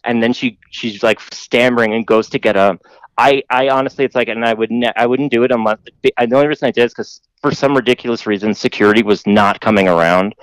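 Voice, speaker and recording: A man's voice: mid-range voice, steady tone, fast talker, clear, resonant tone, no echo, poor audio. A man hosting a podcast, telling a long story in a rambling, profane way full of fillers. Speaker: podcast host telling stories. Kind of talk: casual storytelling.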